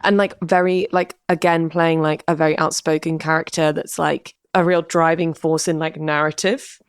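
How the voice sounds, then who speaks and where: A woman's voice: low-pitched, level tone, moderate pace, clean tone, no room sound, clean studio sound. A woman co-hosting a podcast, chatting casually as she recaps a TV episode, rambling with lots of fillers and acting out the characters' lines. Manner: rambling, many "like" and "um" fillers, acts out quotes. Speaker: podcast co-host.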